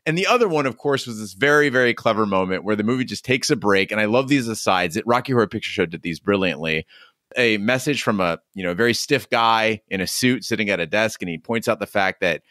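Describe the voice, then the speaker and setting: A man on a movie-review podcast talks through a film with wry, critical humor. His voice sits on the low side yet rises and falls freely. The recording is dry and close. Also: lively intonation, fast, bright, forceful tone, dry recording. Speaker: podcast co-host. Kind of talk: casual movie-review chat.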